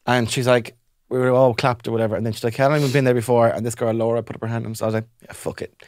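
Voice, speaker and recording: A man's voice: mid-range voice, very fast, dry recording, clean studio sound. A young Irish man co-hosting a comedy podcast, telling childhood anecdotes in casual chat and acting out the voices of people in them. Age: young adult. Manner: animated anecdotes, acts out other voices.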